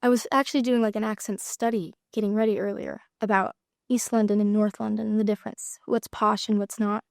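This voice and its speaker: An actress chatting as an interview guest, giggling often and trailing off with lots of fillers. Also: female voice, mid-range voice, level tone, fairly quick, vocal fry, no echo, studio quality. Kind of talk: casual interview chat.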